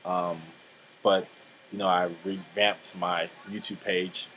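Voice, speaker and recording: Young man, 20s, casual vlog talk, lowish voice, blunt and profane, lots of fillers, faint background noise. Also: little pitch movement, slow, fairly bright tone, rough recording. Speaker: vlogger.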